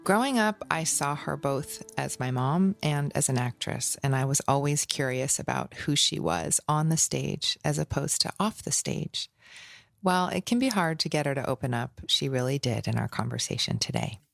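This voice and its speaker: A woman's voice: sits low, moderate pace, creaky, dry recording, soft background music. A woman in her forties hosting a podcast, reading a scripted intro and asking curious questions. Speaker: podcast host. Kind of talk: scripted intro then casual interview.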